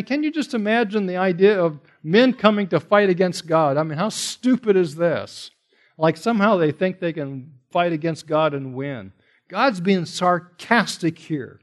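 Animated man preaching a sermon. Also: sits high, a little slow. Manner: animated, rising to emphatic when quoting God; conversational asides, rhetorical questions.

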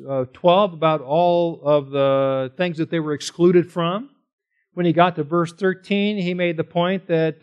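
Man, pastor, sermon, slightly raised pitch, expository, question-and-answer delivery. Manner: expository preaching, asks questions then answers them.

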